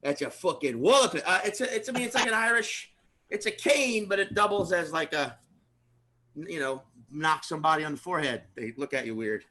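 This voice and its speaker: A comedian guesting on a podcast, telling profane, animated stories in casual chat. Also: male voice, fairly high pitch, brisk.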